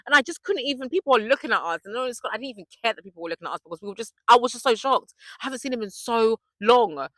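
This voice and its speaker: A young woman tells stories to her viewers in a gushing, excitable way. Her voice is bright and swoops up and down. The sound is close and dry. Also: a little high, rapid-fire, dry recording. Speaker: faith vlogger. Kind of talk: casual chat to camera.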